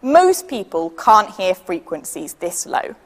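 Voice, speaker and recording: A woman with a British accent leading a children's science demonstration, patient and lively, counting down for the audience to join in. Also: mid-range voice, takes it slowly, in a large hall. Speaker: science workshop leader.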